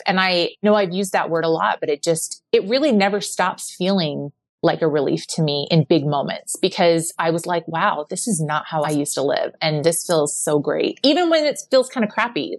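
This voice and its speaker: A middle-aged woman opens up as a podcast guest, her voice sitting on the low side for a woman. She tells her stories in a candid, animated way, full of "like"s. The sound is close and dry, with little room around it. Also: moderate pace, dry recording. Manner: candid, animated storytelling with many "like"s. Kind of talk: personal conversation.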